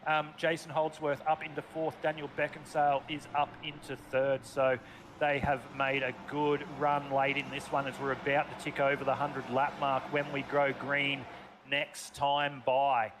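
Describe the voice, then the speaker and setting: A man's voice: mid-range voice, level tone, normal speed, background noise. An Australian man commentating a sim race, chatty and calling people mate. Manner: chatty, calls drivers mate, speeds up in race calls.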